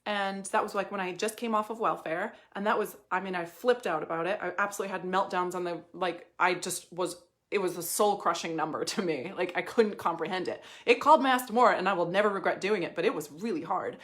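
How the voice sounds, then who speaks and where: A woman's voice: lowish voice, a little fast, fairly bright tone. A woman coaching in a casual motivational monologue, emphatic and swearing, laughing at times. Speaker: life and money coach.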